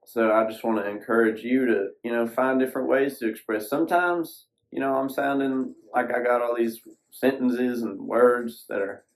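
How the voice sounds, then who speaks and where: A man's voice: mid-range voice, steady tone, moderate pace, few pauses, rough recording. A man hosting a solo podcast, sitting alone at a screen, talking in a folksy, rambling way with casual swearing. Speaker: podcast host.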